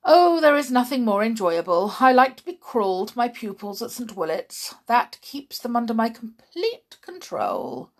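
A woman's voice: on the high side, big pitch swings, moderate pace, few pauses. A woman reading aloud, voicing a cruel, boastful male headmaster who cackles about his power. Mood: gloating.

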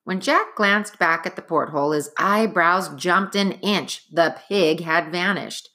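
A woman narrating a chapter book aloud in an expressive, dramatic storytelling manner. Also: low voice, unhurried, few pauses.

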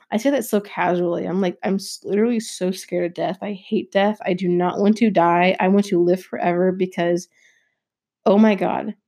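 A woman's voice: medium pitch, a little mellow. A teenage girl hosting her own podcast, rambling casually with lots of fillers and self-deprecating asides. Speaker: podcast host. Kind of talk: casual solo podcast chat.

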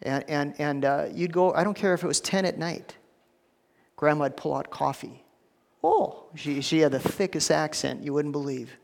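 A man's voice: on the high side, moderate pace, creaky, in a large hall. A man preaching a sermon in a casual, conversational way, often repeating words and saying "you know.". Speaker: pastor.

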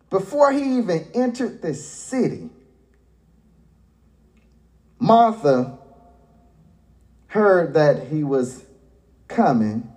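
A male pastor delivering a sermon in a lively, swooping voice that rises into shouts for emphasis. He takes his time and lets the phrases land slowly, paraphrasing scripture in plain, folksy words. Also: sits high. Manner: animated preaching with sudden shouted emphasis.

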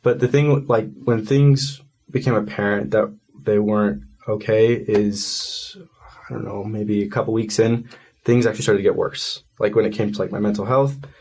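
A young man with a lowish voice speaks as a guest in a relaxed interview. He rambles earnestly, with plenty of likes and you-knows. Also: moderate pace. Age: young adult. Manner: earnest, rambling with many fillers. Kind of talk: casual interview.

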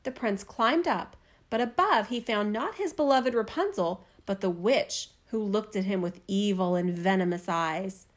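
A woman telling a fairy tale aloud as a storyteller, with an expressive, measured reading. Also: mid-range voice.

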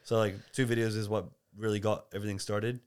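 A man's voice: lowish voice, level tone, fast, a little mellow, smooth. An Australian man who is a barista and coffee creator, a guest chatting casually in a podcast interview, rambling with lots of fillers and restarts.

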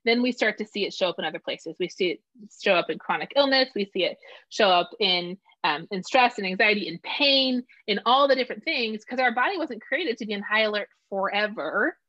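Speaking at a medium pitch and fairly quick pace, a middle-aged woman chats casually and animatedly, putting on voices for the people she quotes. There's no room sound, and the audio is dull and lo-fi.

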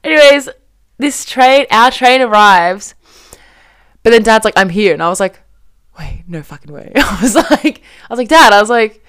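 A woman's voice: fairly high pitch, normal speed, clean tone. A young woman hosting a casual podcast chat, telling a story with lots of swearing and acted-out quotes. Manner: lively, swears often, acts out quoted speech. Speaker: podcast host.

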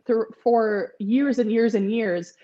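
A woman's voice: fairly high pitch, fairly even intonation, slow pace. Twenty-something woman on a podcast, chatty, lots of likes and you knows, laughs a lot, kinda dull lo-fi sound. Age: 20s. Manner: chatty, many fillers, laughs often. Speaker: podcast guest. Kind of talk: casual interview chat.

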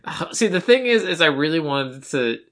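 A man co-hosting a podcast, retelling a movie in a rambling, animated way and acting out its lines. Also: on the high side, moderate pace. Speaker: podcast co-host. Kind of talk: casual movie recap chat.

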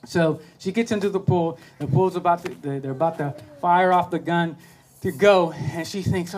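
A man hosting a podcast, telling a motivational story in a lively, animated way and acting out the voices. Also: high voice, normal speed, a little hiss or hum. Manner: animated, acts out voices, laughs at his own story. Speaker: podcast host.

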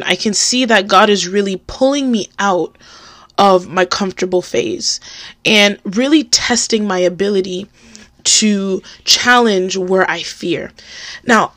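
A woman's voice: mid-range voice, normal speed, fairly bright tone, no room sound. A young woman hosting a podcast, speaking candidly and emphatically about her faith and personal struggles. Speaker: podcast host.

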